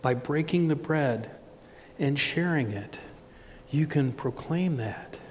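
Middle-aged male pastor, unhurried heartfelt storyteller, church reverb. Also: a little high. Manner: slow, earnest storytelling with restarts. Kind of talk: sermon with personal story. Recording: long reverb, faint noise.

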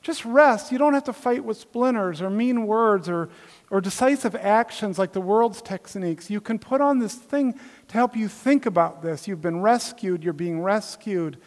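A man preaching a sermon as pastor, swinging between emphatic, rising declarations and soft, intimate asides. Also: sits high, animated, moderate pace. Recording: hall reverb.

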